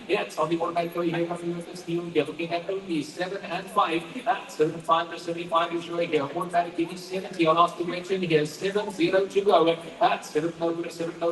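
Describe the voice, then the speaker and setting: A man calling bids as an auctioneer in a fast, repetitive chant. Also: fairly high pitch, fairly bright tone. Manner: rapid repetitive bid calling. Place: auction hall. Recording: echoey hall from far off.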